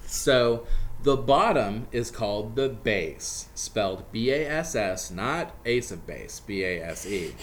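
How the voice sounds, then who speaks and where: A man's voice: fairly low pitch, lively intonation, slight background noise. Joking man explaining singing. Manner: joking, explains with quick asides. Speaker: comedian teaching barbershop singing. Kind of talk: casual group chat.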